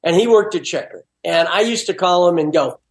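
A man talking as a guest in a casual chat, an animated storyteller who laughs easily. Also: high voice, brisk. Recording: roomy echo.

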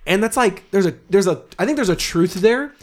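A man's voice: high voice, animated, a little fast, a little mellow. A man in his thirties co-hosting a casual faith podcast with his wife, talking in an earnest, reflective way with some joking. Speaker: podcast co-host.

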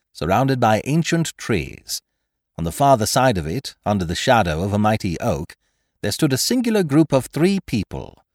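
Lively male story narrator. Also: mid-range voice, dry recording, clean studio sound. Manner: vivid, dramatic storytelling. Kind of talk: scripted narration of a classic story.

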